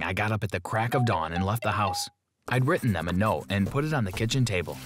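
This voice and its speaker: A man giving scripted first-person narration of an animated story in a plain, steady telling. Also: on the low side, fast. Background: background music.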